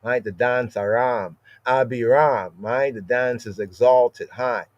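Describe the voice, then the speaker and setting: A man's voice: medium pitch, fairly even intonation, slow, muffled recording. A man teaching an informal scripture lesson, repeating words and checking in with "right?" over and over. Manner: repetitive, asks "right?" constantly, spells out words. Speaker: Bible study teacher.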